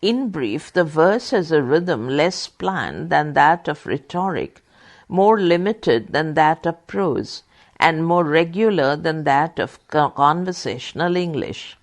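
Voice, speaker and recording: A deliberate reader voicing a study text for blind listeners, pausing to name each comma, quote and full stop. The pace is unhurried and the pitch rises and falls expressively. Small slips get corrected right away. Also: expressive. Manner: reads punctuation marks aloud, careful and deliberate; corrects own slips aloud. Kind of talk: reading a textbook aloud for blind listeners.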